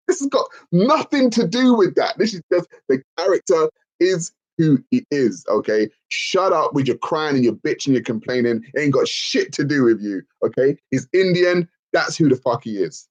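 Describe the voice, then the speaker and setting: A man's voice: a little high, sing-song, normal speed. A man hosting a livestream Q&A, ranting emphatically and swearing freely as he answers the chat. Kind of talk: livestream Q&A rant.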